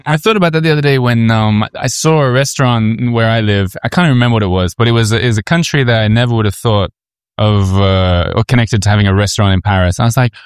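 A man's voice: fairly low pitch, fast talker, clear, resonant tone, no echo, clean studio sound. A man hosting a casual interview at an outdoor eating area on a market street, playful and self-mocking, with hesitant fillers. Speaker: podcast host.

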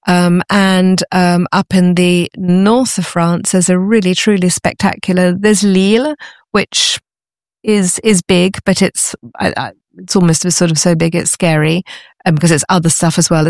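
A middle-aged woman being interviewed, chatty and enthusiastic, often pausing with ums as she explains. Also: lowish voice, dry recording, studio quality. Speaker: guest, antiques author. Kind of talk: conversational interview.

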